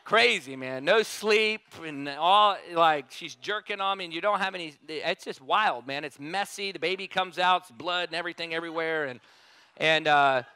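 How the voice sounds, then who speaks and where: A man preaching a sermon in a casual, animated way, telling a story and repeating emphatic refrains. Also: on the high side, normal speed, smooth, dry recording.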